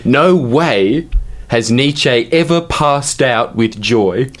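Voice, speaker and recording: A man's voice: mid-range voice, lively intonation, extremely slow, fairly bright tone, a little hiss or hum. Young guy on a podcast, wry and playful, voice jumps all over the place. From Australia. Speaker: podcast co-host. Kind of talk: casual chat.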